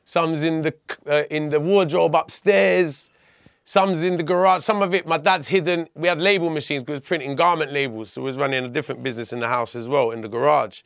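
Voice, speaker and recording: A man telling a personal story as a podcast guest, blunt and animated, often restarting his sentences. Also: on the high side, brisk, vocal fry, no room sound.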